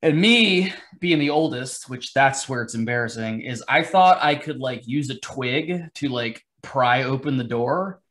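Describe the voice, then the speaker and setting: A man's voice: medium pitch, measured pace, hardly any pauses, a bit bright. Male podcast guest, mid-range voice; loose, rambling, self-deprecating, swears. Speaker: podcast guest, comic artist. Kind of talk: casual podcast chat.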